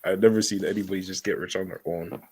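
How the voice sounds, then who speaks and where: A man's voice: sits low, steady tone, fast talker, crowd noise. A man co-hosting a casual boxing chat, laid-back and agreeing often. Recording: audible background noise.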